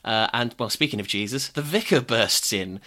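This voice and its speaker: A man's voice: medium pitch, animated, moderate pace, sharp tone. Wry man recapping a film. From Norfolk, England. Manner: wry, dry recapping with frequent laughs. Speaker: podcast co-host. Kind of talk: casual film-review chat.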